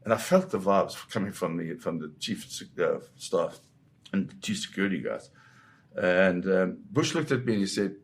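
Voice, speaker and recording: A man from Zimbabwe, a photographer guest, telling anecdotes in a lively raconteur's way and acting out the voices of people in his stories. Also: fairly low pitch, brisk. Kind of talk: anecdotal storytelling.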